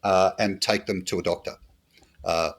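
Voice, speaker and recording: A man's voice: low-pitched, fairly even intonation, normal speed. A middle-aged Australian man, a former bush police officer, telling wry anecdotes in an interview with a lot of fillers. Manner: dry humorous anecdotes with fillers. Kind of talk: storytelling interview.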